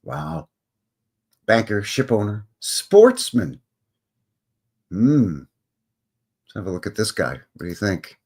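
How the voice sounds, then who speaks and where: A man's voice: lowish voice, expressive, slow, pauses often. A man hosting a casual livestream from a room at home, chatting in a rambling way and interrupting himself. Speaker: channel host. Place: home room with windows open.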